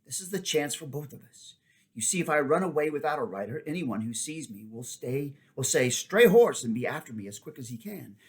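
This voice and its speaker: A man reading aloud voices a proud male talking war horse, speaking briskly and a little contemptuously in a storybook reading. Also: medium pitch, lively intonation, natural voice. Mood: persuasive. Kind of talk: audiobook character voice.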